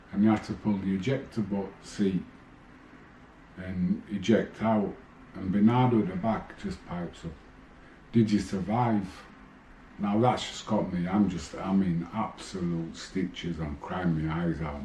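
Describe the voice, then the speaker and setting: Deep-voiced man telling stories. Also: slight background noise. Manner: animated storyteller, re-enacting exchanges. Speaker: former boxer telling stories. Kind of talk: casual storytelling. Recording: echoey room with faint ambience.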